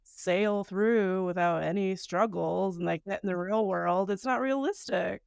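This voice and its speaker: A woman's voice: medium pitch, unhurried, gravelly, a little mellow, clean tone, no echo, studio quality. A woman co-hosting a podcast in casual chat, reflective and chatty, laughing often. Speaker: podcast co-host.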